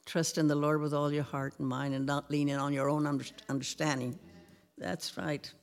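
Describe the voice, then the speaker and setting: A woman's voice: low voice, little pitch movement, moderate pace. Nervous ninety-year-old woman, prayerful. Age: 90s. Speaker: grandmother interviewed in church. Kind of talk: faith testimony interview.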